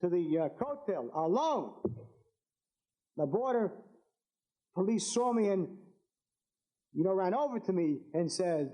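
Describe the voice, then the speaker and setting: Male rabbi addressing a rally crowd, high and very lively pitch, fervent, hammers home repeated lines. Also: a little slow, long pauses, low-quality recording. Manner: fervent, repetitive, builds to emphatic declarations. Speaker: rabbi and political speaker. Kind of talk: impassioned political speech to an audience.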